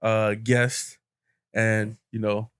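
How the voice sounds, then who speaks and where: A man's voice: lowish voice, level tone, extremely slow, smooth. A young man hosting a podcast, retelling a story in casual chat, full of fillers and quoted voices. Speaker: podcast host.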